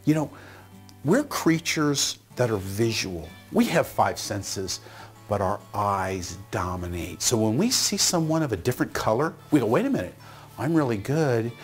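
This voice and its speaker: A middle-aged man giving a motivational talk, telling a story in an animated way and acting out the voices in it. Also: lowish voice, a little slow, soft background music. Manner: animated, acts out voices in his stories. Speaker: motivational speaker.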